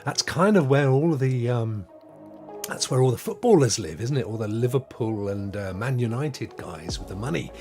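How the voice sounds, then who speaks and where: A man's voice: medium pitch, lively intonation, moderate pace, darkish tone, faint music behind. Chatty man hosting a livestream. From England. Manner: chatty, upbeat, laughs often. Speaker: live stream host. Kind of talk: casual live chat, reading viewer comments.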